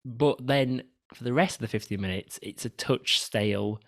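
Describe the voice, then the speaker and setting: A man's voice: mid-range voice, normal speed, gravelly, no room sound. A man co-hosting a casual film review podcast, leading the discussion with dry, wry asides. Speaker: podcast co-host.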